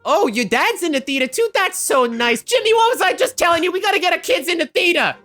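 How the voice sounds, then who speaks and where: A middle-aged mom squeals over a child at a party, her voice leaping high and loud with delight, as a woman puts her on. Her gushing runs animated and swooping, with faint music in the background. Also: fast talker.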